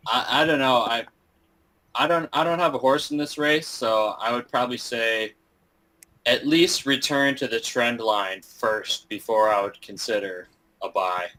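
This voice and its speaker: A man's voice: mid-range voice, a little slow, pushed and bright, poor audio. A man on a casual live call, talking hesitantly with restarts and fillers. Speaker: participant on a chart analysis call.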